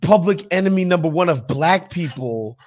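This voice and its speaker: A high-pitched man holds forth on a podcast, animated and emphatic. He swears freely and keeps a loose, conversational rhythm. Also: moderate pace. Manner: profane, emphatic, animated ranting. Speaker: podcast co-host. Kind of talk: casual podcast chat.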